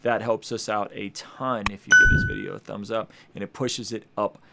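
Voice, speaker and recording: A gravelly, lowish male voice swoops wildly in pitch at a normal pace as he runs a relaxed music review stream. He's the host, hyping up his chat with slang while hip hop beats play behind him.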